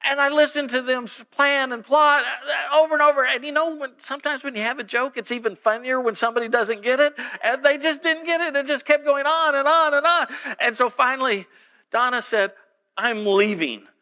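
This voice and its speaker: A man, a pastor telling a story in a folksy, animated sermon. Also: very high-pitched, a little fast.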